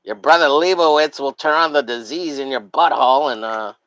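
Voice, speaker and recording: Guy rambling on his stream, swearing a lot, laughing at his own nonsense, mid-pitched. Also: a little fast, fairly bright tone, no echo, rough recording. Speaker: streamer hosting a drawing stream. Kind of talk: casual live-stream rambling.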